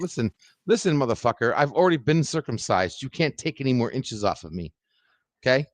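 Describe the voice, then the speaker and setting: A man's voice: mid-range voice, a bit bright, no room sound. A man ranting angrily on a live stream, swearing a lot and repeating himself. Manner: heated, profane, repeats himself. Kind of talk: angry ranting livestream.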